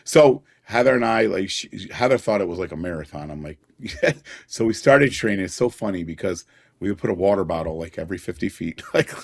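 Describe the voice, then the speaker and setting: A man's voice: sits low, animated, fairly quick, creaky. A middle-aged man, a podcast guest, telling personal stories in an earnest way and chuckling now and then. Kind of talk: personal storytelling in a conversation.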